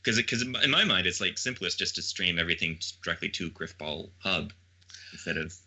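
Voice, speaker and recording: Man, low voice, fast talker, bright tone, casual podcast chat, laughs a lot. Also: expressive. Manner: quick, laughing, thinking aloud. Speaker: podcast co-host.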